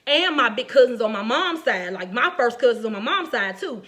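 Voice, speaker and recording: At a moderate pace and with a slightly high voice, this middle-aged woman shares personal stories in a religious talk. She's conversational and lively, frequently laughing and speaking right to her audience.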